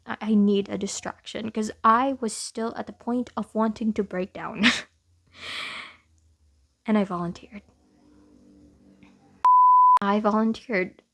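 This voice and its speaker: Slow-talking young woman, gravelly fry. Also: mid-range voice. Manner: chatty, self-deprecating, laughs often. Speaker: vlogger. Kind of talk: casual recap vlog.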